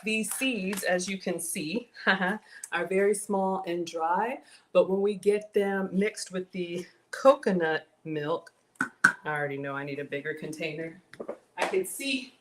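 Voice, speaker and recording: A woman's voice: lowish voice, fairly even intonation, measured pace, background noise. A woman hosting a casual live cooking stream, playful and theatrical, breaking into gasps and whispered asides. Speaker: home cook and live-stream host.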